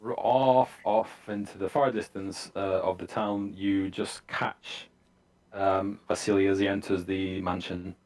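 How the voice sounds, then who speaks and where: A man narrating a tabletop game as game master, in a relaxed, halting way with many fillers. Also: sits low, vocal fry.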